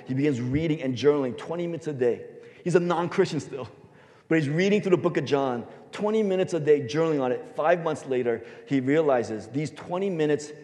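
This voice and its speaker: A man pastor giving a sermon, telling a story and swinging his voice between loud and soft for emphasis. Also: medium pitch. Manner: storytelling, varies loudness for emphasis. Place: church sanctuary. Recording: long hall reverb.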